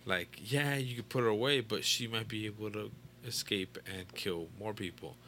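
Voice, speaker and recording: Low-voiced man recapping a comic. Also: moderate pace, sharp tone, slight background noise. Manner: rambling, profane, filler-heavy storytelling. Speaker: comic book fan recapping a storyline. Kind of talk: casual chat.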